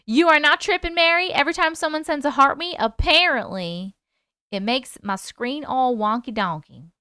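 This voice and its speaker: A woman's voice: high voice, expressive, normal speed, pushed and bright, no echo, clean studio sound. A woman hosting a casual livestream chat, upbeat and chatty as she answers viewer comments. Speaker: livestream host.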